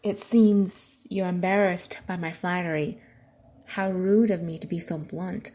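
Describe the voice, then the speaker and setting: A woman voicing a smooth, flirtatious English gentleman. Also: lowish voice, fairly even intonation, a little slow.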